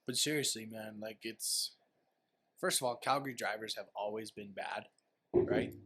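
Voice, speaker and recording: A man's voice: fairly low pitch, moderate pace, fairly bright tone, a little hiss or hum. A man, co-hosting a podcast in laid-back, easygoing casual chat. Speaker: podcast co-host.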